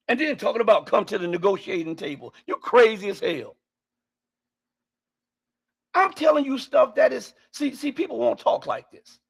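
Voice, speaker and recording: Very high, gravelly, and slightly rough, this man's voice drives heated political commentary during a live stream. He repeats himself, peppers listeners with rhetorical questions, and frequently raises his voice to a shout.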